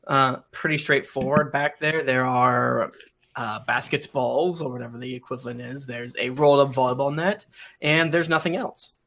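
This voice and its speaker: A man's voice: mid-range voice, fairly even intonation, moderate pace, vocal fry, sharp tone. A man narrating as game master of a live-streamed tabletop game, in a rambling way with many fillers.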